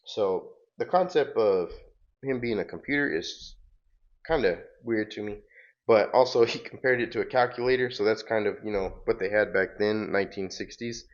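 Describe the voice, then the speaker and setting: A man casually recapping a comic book story in a relaxed, rambling way. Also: fairly low pitch, normal speed, muffled recording. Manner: relaxed, rambling with fillers and laughs. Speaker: comic book reader, host.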